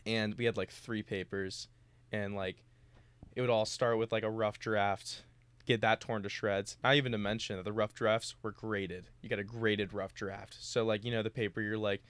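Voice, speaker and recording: A man's voice: lowish voice, moderate pace, smooth, no echo. A young man, a college student co-hosting a podcast, chatting casually and acting out little scenes in his stories while swearing freely. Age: young adult. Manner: animated storytelling, acting out dialogue, swears freely. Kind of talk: casual chat.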